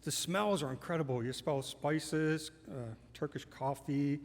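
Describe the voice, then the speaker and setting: A man's voice: on the high side, measured pace. A man telling a personal story on stage to a live audience, conversational and amused. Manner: conversational, amused, laughs through lines. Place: stage in a large hall. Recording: long hall reverb.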